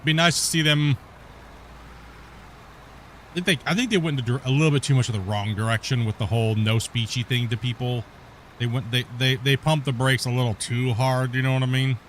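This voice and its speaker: A man's voice: mid-range voice, fairly even intonation, a little fast, a little hiss or hum. A man streaming a game, chatting casually and rambling, often laughing and swearing, always tacking on "you know" and "right?". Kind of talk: casual gameplay chat.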